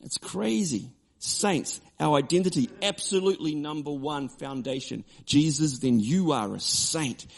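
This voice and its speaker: A man preaching a sermon, emphatic and repetitive, shifting between forceful declarations and quieter storytelling. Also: fairly high pitch, unhurried, vocal fry. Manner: emphatic, repeats key phrases, drops to quiet storytelling. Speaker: pastor.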